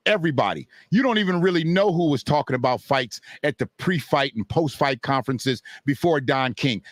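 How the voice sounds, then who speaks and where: A fairly high-voiced man talks through fight clips in a loose, profane way. He replies to viewers as he goes. His voice is dry and close, with no room sound. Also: fairly bright tone, no room sound. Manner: blunt, profane, talks back to chat and clips. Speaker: boxing commentator. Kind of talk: casual video commentary.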